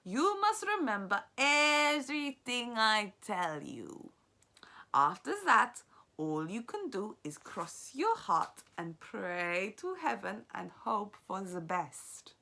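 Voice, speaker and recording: Woman playing an elderly grandmother with a Norwegian accent, stern and loving, slow, weighty lines. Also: medium pitch, sing-song, pushed and bright, voice pushed up, full character voice. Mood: grave. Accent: attempted Norwegian. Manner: slow, grave, emphatic.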